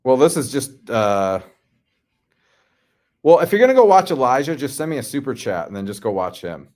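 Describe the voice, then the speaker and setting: A man's voice: medium pitch, sing-song, normal speed, a little mellow. A man from the Midwest hosting a casual livestream, reading out chat comments and answering in a laid-back, slangy way.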